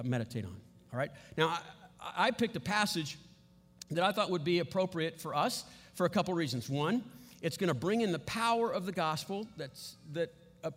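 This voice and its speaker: A man with a high, clear speaking voice leads a church teaching session. He coaches his listeners step by step and keeps checking that they are following. His words ring out with the long reverb of a large hall. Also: a bit bright. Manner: coaching, checks in with frequent "okay?". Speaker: Bible teacher.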